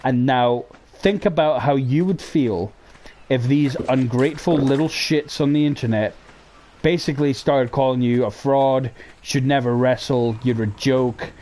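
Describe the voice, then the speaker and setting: A man hosting a casual talk show, ranting heatedly with lots of swearing, jumping between loud outbursts and low mutters. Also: steady tone, moderate pace, a little hiss or hum. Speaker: podcast host. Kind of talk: casual opinion rant.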